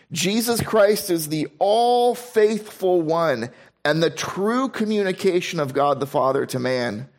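A male pastor preaching a Bible sermon, slowing down to stress key phrases and mixing in casual, humorous asides. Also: a little high.

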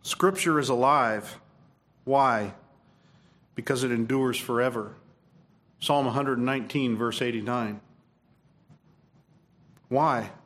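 A man's voice: mid-range voice, slow pace, pauses often, a bit bright. A man preaching a sermon, emphatic, repeating phrases and restarting his sentences. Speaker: pastor.

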